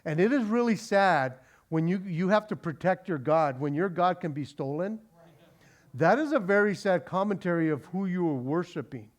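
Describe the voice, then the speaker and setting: A man with a notably high voice teaches from scripture in a relaxed, animated sermon. He stumbles over and restarts phrases as he talks the passage through. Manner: animated, conversational, frequent restarts. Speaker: pastor. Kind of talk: expository sermon.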